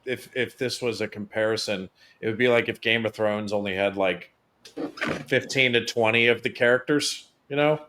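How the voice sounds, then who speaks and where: A man's voice: on the low side, moderate pace, pushed and bright, slight background noise. A man co-hosting a casual movie review podcast, hesitant and full of fillers and restarts. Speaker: podcast co-host. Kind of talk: casual chat.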